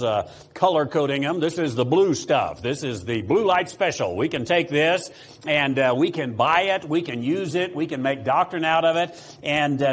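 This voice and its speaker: Casting note: man pastor, slightly high voice, chatty sermon delivery with lots of "uh" and asides to the congregation. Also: husky. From United States. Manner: conversational preaching with frequent fillers and restarts; asks the congregation rhetorical questions.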